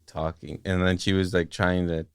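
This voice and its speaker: Guy cohosting a movie podcast, laughs a lot, clear smooth voice, dry sound. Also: sits low, moderate pace, no room sound. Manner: laughs often, animated retelling. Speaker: podcast co-host. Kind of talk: casual movie review chat.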